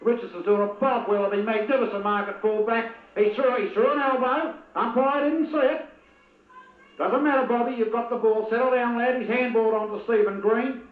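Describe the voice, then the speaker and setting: Calling out players by name, an Australian man gives excitable, partisan commentary on a local football game. He has a very high voice and talks fairly quickly, with a reverberant, phone-quality sound.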